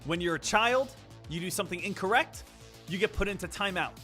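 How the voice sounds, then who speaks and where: A man with a high, bright-toned voice giving an emphatic live-stream talk about trading. He lectures his viewers and hammers points home by repeating himself. Faint music plays underneath. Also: expressive, a little fast.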